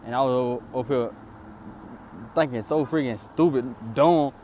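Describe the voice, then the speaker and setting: A man's voice: unhurried, darkish tone, a little hiss or hum. A young man casually recounting a story outdoors in a rambling, repetitive way. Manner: rambling, repetitive "then boom" narration.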